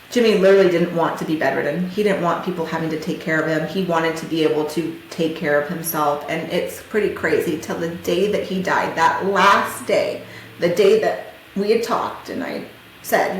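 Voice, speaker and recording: A woman host tells a personal story of loss, her voice a little low and her speech halting and packed with fillers. The room rings with strong echo. A faint hiss of noise sits under it. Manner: emotional, halting, many fillers. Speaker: podcast host.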